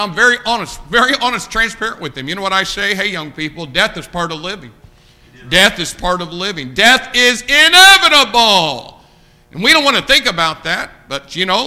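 A man's voice: high-pitched, sharp tone. A man preaching a sermon, repeating key lines and swelling suddenly in volume.

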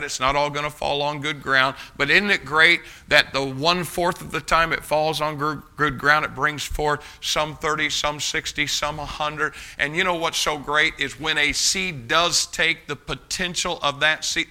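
In a fairly high, bright voice with a forceful tone, a pastor delivers a sermon built around a folksy personal story. His storytelling builds to fervent exhortation as he urges the congregation on.

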